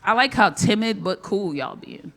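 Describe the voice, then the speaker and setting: A woman working a comedy club stage in a live stand-up set. Her voice is bright and forceful, and her delivery is brash and profane. She keeps jumping into sudden loud outbursts. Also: mid-range voice, animated, moderate pace, slight background noise.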